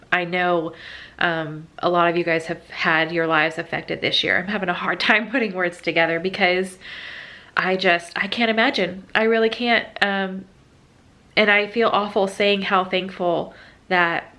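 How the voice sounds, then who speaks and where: Woman, young adult, vlogger, sit-down chat, emotional, halting, bright clear tone. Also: lowish voice. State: tearful.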